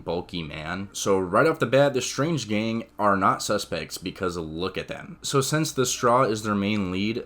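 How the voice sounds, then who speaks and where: A man hosting a video, telling a made-up story in a rambling, animated way full of fillers. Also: deep voice. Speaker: video host. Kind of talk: casual storytelling.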